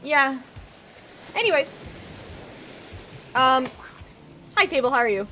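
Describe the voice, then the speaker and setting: A woman's voice: high-pitched, lively intonation, takes it slowly, sharp tone, soft background music. A woman streaming from home, chatting casually and teasing her viewers in chat.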